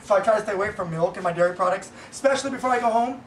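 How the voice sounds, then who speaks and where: A man rattles off complaints at a quick clip, blunt and profane, circling back on his own points. The sound is roomy and echoing, his voice a little distant from the microphone, with faint noise underneath. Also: high-pitched. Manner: blunt, profane, repetitive venting. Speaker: vlogger, business owner. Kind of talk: casual ranting monologue. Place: Boise, Idaho. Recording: echoey room, voice from off-mic.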